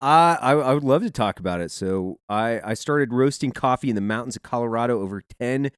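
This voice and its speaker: A man's voice: medium pitch, animated, a little fast, smooth, dry recording, studio quality. A man as a podcast guest, talking about his company in a laid-back, joking way. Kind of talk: casual interview chat.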